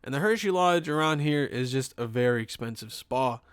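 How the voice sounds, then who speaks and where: A young man from Pennsylvania hosting a podcast, telling a funny story in a rambling, profane, animated way. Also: medium pitch, moderate pace, smooth, no echo, studio quality. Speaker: podcast host. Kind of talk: comedic storytelling.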